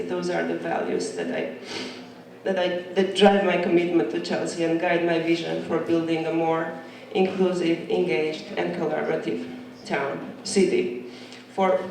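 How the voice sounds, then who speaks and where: A woman's voice: lowish voice, a little mellow, slight background noise. A woman from Albania, a native Albanian speaker, congested, giving an upbeat, formal candidate speech at a community forum. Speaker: city council candidate. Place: community meeting hall. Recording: very echoey hall from far off with faint ambience.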